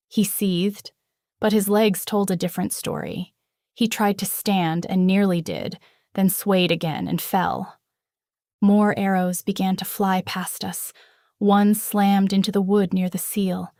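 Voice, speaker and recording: A woman reading a first-person fantasy novel aloud in a dramatic, expressive way. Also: medium pitch, unhurried, dry recording, clean studio sound. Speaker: audiobook narrator.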